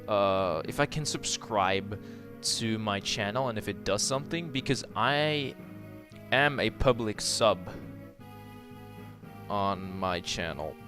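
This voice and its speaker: A young man from the Netherlands hosts his own game livestream at an unhurried, drawn-out pace. He talks casually, trailing off mid-sentence and restarting as he tinkers with his setup. Faint game music plays underneath his voice. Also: mid-range voice. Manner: rambling, trails off and restarts while fiddling with settings. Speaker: gaming streamer.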